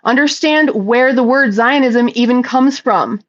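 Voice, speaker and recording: A woman with a fairly high voice chats casually on a livestream, reading out viewer comments and firing back bluntly, with plenty of swearing. Her voice comes through a slightly muffled, lo-fi recording. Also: measured pace. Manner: blunt, profane and talkative.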